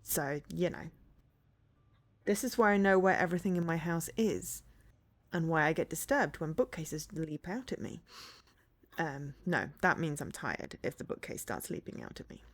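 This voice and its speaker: A woman's voice: low voice, lively intonation, normal speed. A woman streaming from home, chatting casually with her viewers, rambling, laughing often and humming bits of songs.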